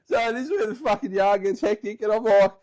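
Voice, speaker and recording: A man's voice: high-pitched, expressive, a little fast, a little mellow. A man with an Australian accent, hosting a podcast and telling a rambling, swear-filled story in a casual way, often breaking into laughter. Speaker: podcast host.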